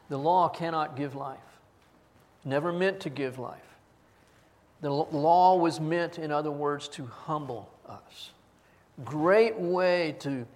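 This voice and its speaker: A man preaching a sermon as pastor, earnestly reading scripture aloud and stressing single words. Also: on the high side. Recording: long hall reverb.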